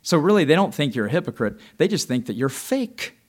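Impassioned male preacher with lively pitch. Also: brisk. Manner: impassioned, swings from soft to loud cries; acts out quoted voices. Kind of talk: sermon.

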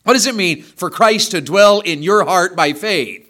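This Southern American pastor has a sharp, high-pitched voice and speaks a little slowly with hardly any pauses. In his church sermon he poses questions to the congregation and builds into emphatic bursts.

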